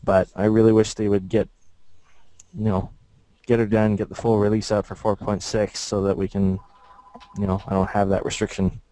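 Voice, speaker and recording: A man's voice: fairly low pitch, flat delivery, moderate pace, mellow, clear, resonant tone, low-quality recording. A man, a game developer, easily explaining a technical point on a casual call. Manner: easygoing, explanatory.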